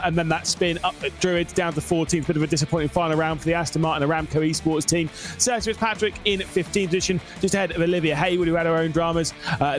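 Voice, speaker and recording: Excitable high-voiced male race commentator. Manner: excitable, with frequent filler sounds. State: losing his voice. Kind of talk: live esports race commentary.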